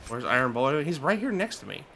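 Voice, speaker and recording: A man with a bright, edged voice talks through a game on a live stream. He jokes, swears freely and mutters half to himself, with a faint hiss of noise behind him. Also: medium pitch, very animated, quick pace, vocal fry. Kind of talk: live gameplay commentary.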